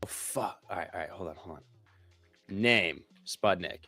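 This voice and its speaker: A man co-hosting a live trading stream, excitable and slangy, joking with the others. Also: sits low, normal speed, no room sound, soft background music. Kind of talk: casual trading chat.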